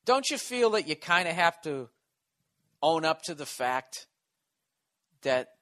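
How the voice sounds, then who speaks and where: Male comic podcast host, East Coast American accent, profane and sarcastic, slightly high, bright tone. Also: big pitch swings, slow pace. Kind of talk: solo comedy podcast rant.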